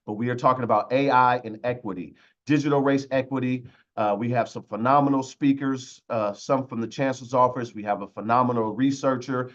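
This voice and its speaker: A man hosting a webinar with lots of energy, giving shout-outs in a loose, slangy way over a video call. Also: mid-range voice, dull audio. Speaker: webinar host.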